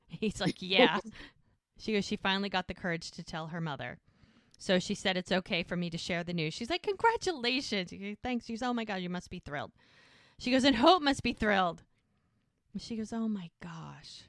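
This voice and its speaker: A woman co-hosting a podcast casually retells a TV episode, quoting the characters' lines one after another. Her medium-pitched voice has lively intonation, normal speed and a fairly bright tone, recorded dry with clean studio sound.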